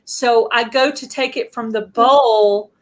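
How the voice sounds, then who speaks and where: A woman's voice: a little high, fairly even intonation, takes it slowly, low-quality recording. A middle-aged woman hosting a casual live-stream interview, chatty and prone to giggling as she tells stories. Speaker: host.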